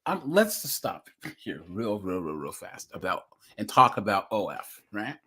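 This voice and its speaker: A man's voice: on the low side, sing-song, normal speed, pushed and bright, slightly rough. A young man from the West Coast, chatting casually on a livestream, laughing and reading chat comments aloud. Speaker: streamer reacting to videos and chat.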